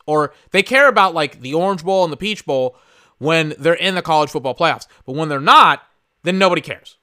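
Young man, podcast host, opinionated rant, fairly high pitch, clean resonant tone. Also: bright, forceful tone, clear, resonant tone. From Austin, Texas. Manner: opinionated, ranting, profane. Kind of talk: casual sports commentary.

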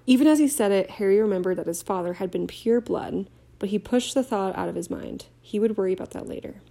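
A woman reading a fantasy novel aloud in a steady storytelling manner, with small slips. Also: mid-range voice, quick pace, gravelly. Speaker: audiobook reader.

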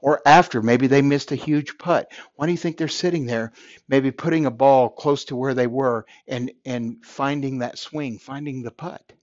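A man's voice: mid-range voice, moderate pace, darkish tone, no echo, highs cut off. A man hosting a podcast, delivering an earnest motivational monologue and repeating phrases for emphasis. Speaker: podcast host.

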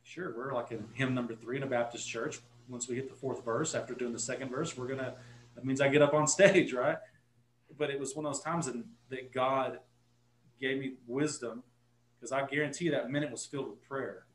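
Earnest Texan pastor in an echoey room. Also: male voice, medium pitch, fairly even intonation, a little fast, a little hiss or hum. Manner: earnest storytelling, self-correcting. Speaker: guest pastor. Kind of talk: casual podcast talk.

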